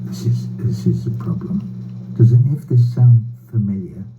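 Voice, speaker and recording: An older man giving a prepared, sardonic political speech over a video call, slow and bitter, with wry laughs and swearing. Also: mid-range voice, animated, over loud music. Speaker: speaker addressing a rally by video. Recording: tinny phone-like line with faint hum.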